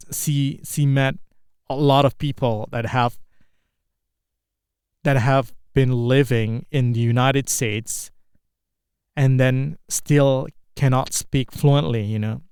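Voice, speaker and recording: A man with an Indonesian accent, a native Indonesian speaker, talking through an unscripted English speaking practice, halting and searching for words. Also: mid-range voice, darkish tone, smooth, no echo, clean studio sound.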